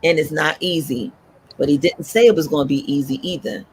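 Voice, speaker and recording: A woman hosting a talk show, preaching in an animated way and swooping up high when she exhorts. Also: brisk, breathy edge.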